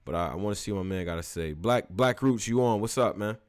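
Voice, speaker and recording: A man in his early thirties hosting a live call-in show, telling animated, slang-heavy stories and then sliding into loose, mumbled housekeeping. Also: fast talker, clean tone. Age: early 30s. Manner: animated slangy storytelling, switches to loose low-key housekeeping. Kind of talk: casual live call-in monologue.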